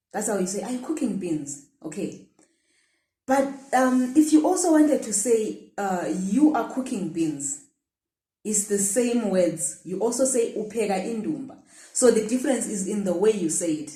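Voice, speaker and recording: A woman's voice: mid-range voice, expressive, normal speed, warm tone. A woman teaching a language lesson, patiently repeating phrases and modelling the question intonation. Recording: echoey room.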